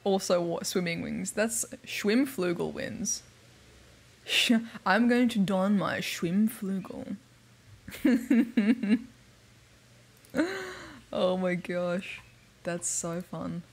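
Woman streamer, unhurried, husky, giggly, casual game-stream chat. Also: lowish voice. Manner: giggly, playful. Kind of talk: casual livestream chat while playing a video game.

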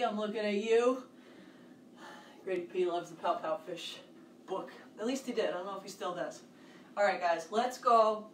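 A woman's voice: mid-range voice, reverberant, far from the mic, a little hiss or hum. A woman coaching a home workout for kids, upbeat, counting reps and cheering the children on. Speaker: fitness coach. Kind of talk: kids' home workout class. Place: home, near a hallway.

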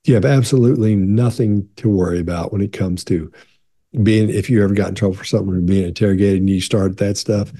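Older guy in his 60s, deep-ish mellow husky voice, chill reassuring q&a, lots of restarts. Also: fast. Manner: relaxed, reassuring, with frequent restarts and fillers. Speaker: body language expert answering viewer questions. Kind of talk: casual Q&A, reading viewer questions aloud.

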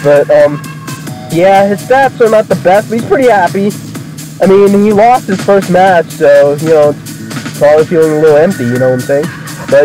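A man's voice: on the high side, rough recording. A man giving casual, rambling, profanity-filled commentary while playing a wrestling game. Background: game music.

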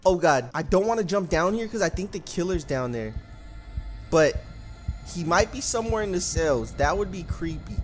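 A man giving excitable gameplay commentary as a gaming YouTuber, yelping and screaming when scared. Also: soft background music. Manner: rapid high-pitched panicky exclamations.

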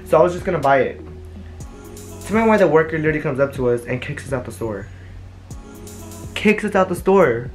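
A young adult vlogger in a casual chat, showing off new purchases at home and telling stories in a rambling, animated way. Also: medium pitch, a little fast, pauses often. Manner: chatty, rambling, animated storyteller. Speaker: vlogger showing a shopping haul. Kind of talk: casual haul vlog chat. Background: faint music.

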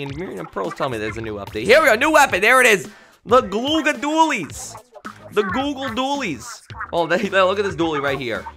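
A young man streaming a video game, talking in an excitable, jokey, rambling way with many restarts. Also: sits high. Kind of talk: live stream commentary.

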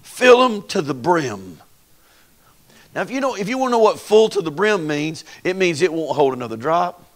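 A man's voice: sits high, expressive, fast. A man preaching a Pentecostal sermon in a folksy, dramatic way, acting out the people in the story and calling on the congregation to respond. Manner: folksy, dramatic, acts out voices, call-and-response. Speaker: pastor.

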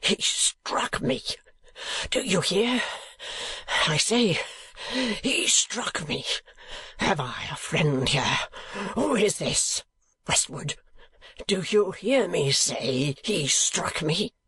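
A man reading aloud, voicing a drunken, furious nobleman with a thick, hoarse voice that rises high and breaks into rasping whispers. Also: extremely slow, long pauses, a bit bright, exaggerated voice. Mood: enraged.

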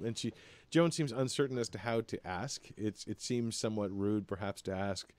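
A man narrating as game master of a tabletop game, halting, with many fillers and repeated words. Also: fairly low pitch, darkish tone.

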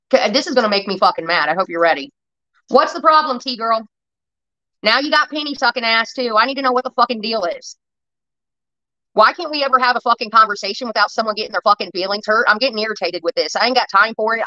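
A woman's voice: fairly high pitch, sharp tone, muffled recording. A woman hosting a casual livestream, blunt and heavily profane as she reacts to chat comments. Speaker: livestream host.

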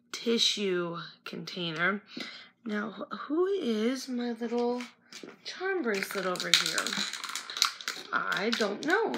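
A woman's voice: medium pitch, creaky, pushed and bright. A young woman chatting casually as she unboxes small toys at a relative's house, muttering to herself now and then as she sorts the pieces. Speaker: toy unboxing vlogger.

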